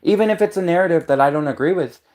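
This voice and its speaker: A man's voice: fairly high pitch, rapid-fire, darkish tone. Rambling man on a livestream. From Canada. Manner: rambling, repetitive, many restarts. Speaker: livestream host. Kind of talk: casual livestream monologue.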